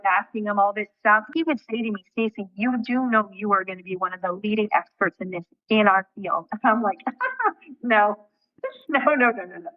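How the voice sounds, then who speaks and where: Woman, interview guest, animated storytelling, acts out quotes, casual swearing, dry dull sound. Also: medium pitch, dry recording.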